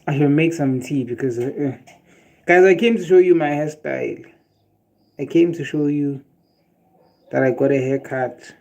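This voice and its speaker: On the high side and at a normal pace, a South African-accented man chats casually on a livestream, pausing often. He rants animatedly, swears, jokes around with his viewers and laughs at chat.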